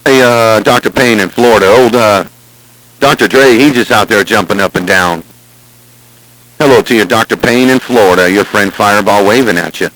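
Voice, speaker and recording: A man's voice: lowish voice, normal speed, a bit bright, no echo, poor audio. Folksy man chatting on CB radio. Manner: folksy, repeats greetings. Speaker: CB radio operator. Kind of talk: casual radio chat. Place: Southern California, near the Salton Sea. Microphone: CB radio transmission.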